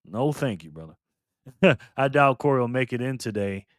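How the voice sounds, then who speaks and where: A man hosting a casual livestream, reading and answering the chat excitedly. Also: medium pitch, normal speed, dry recording, studio quality. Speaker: livestream host.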